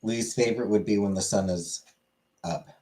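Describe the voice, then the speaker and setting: A man answering casual questions in a podcast chat with dry, deadpan humor. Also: on the low side, normal speed.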